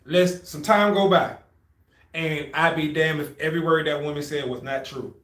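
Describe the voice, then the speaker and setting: Man, young, animated storyteller, casual podcast chat, roomy echo. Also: a little high, normal speed. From Brooklyn, New York. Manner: animated storyteller acting out quotes. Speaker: podcast co-host.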